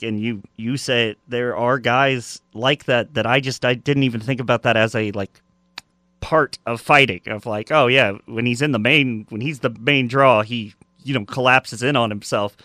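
A man co-hosting a casual sports podcast, rambling with restarts and quick reactions. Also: medium pitch, pushed and bright, dry recording, studio quality. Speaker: podcast co-host.

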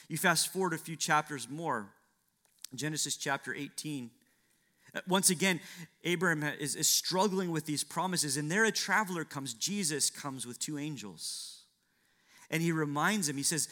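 A man's voice: a little high, moderate pace, pushed and bright. A man preaching a sermon, acting out biblical dialogue with dramatic shifts and asking rhetorical questions.

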